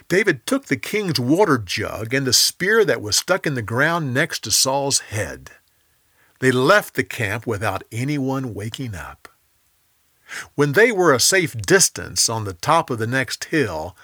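A man narrating a Bible story in a calm, measured, scripted way. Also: medium pitch, slightly rough, no echo, studio quality.

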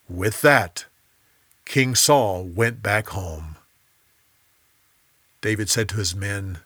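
A male storyteller reading a Bible story with calm, measured care. His tone is bright and the recording is close and dry, with a slow, unhurried pace. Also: fairly low pitch, no echo. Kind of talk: scripted Bible story narration.

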